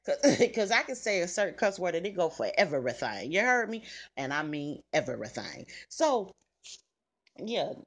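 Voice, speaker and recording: With a mid-range, breathy voice that swings widely in pitch, this middle-aged podcast host spins casual stories at a normal pace. She talks straight to her audience, cursing often in a frank, salty manner.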